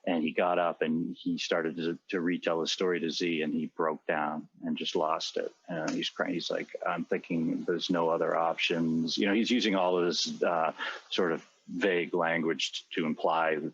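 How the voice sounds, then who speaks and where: A man's voice: low voice, little pitch movement, normal speed, fairly bright tone, breathy edge, highs cut off. A middle-aged man telling a long personal story in a rambling, earnest way, with many fillers and restarts. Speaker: podcast co-host. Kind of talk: conversational storytelling.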